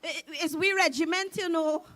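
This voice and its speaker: A woman in her fifties with a Trinidadian accent, doing loud, animated stand-up comedy on a live stage. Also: very high voice, normal speed. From Trinidad and Tobago. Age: 50s. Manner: loud, animated, shouting punchlines.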